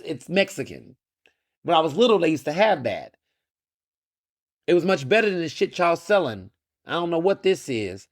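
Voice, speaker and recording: A Texan podcast host with a fairly high voice gives animated, sardonic solo commentary laced with mocking asides. He's opinionated, often restarting and repeating words, and the studio-quality audio has no room sound.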